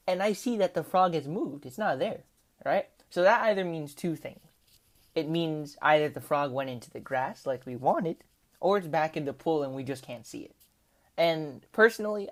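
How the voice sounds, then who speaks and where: A woman with an unusually deep, low voice tells a casual, rambling story while commenting over gameplay. She talks in a loose, chatty way, tossing in "like" and "right?" constantly. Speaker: gaming commentator.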